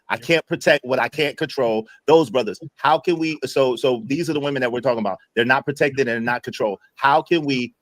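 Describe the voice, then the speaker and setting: A man's voice: medium pitch, dry recording. Insistent man in his forties. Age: 40s. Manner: pressing, insistent questioning. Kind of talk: casual panel debate.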